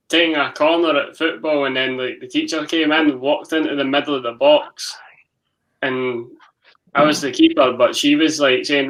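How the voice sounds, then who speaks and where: A man's voice: mid-range voice, pushed and bright, distant mic, poor audio. A man, a guest on a football stream, trading teasing banter in casual chat.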